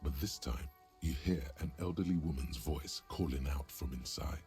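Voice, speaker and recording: A man giving measured, scripted narration as the voice of a video game. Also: rumbling low, dark tone, faint music behind.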